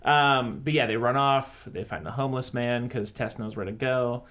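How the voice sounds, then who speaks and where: A man's voice: mid-range voice, normal speed, a bit bright. A man co-hosting a casual movie chat, bluntly retelling the plot with swearing and quoted asides. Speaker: podcast co-host.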